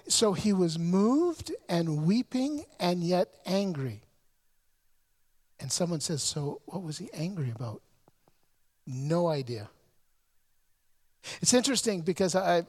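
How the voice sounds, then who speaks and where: A male pastor preaching a sermon, telling a story earnestly and often stumbling over repeated words. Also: high-pitched.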